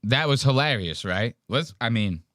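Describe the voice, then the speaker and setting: A man's voice: mid-range voice, expressive, normal speed, fairly bright tone. A man hosting a podcast, reacting to clips in a casual, profane, wry way. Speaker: podcast host.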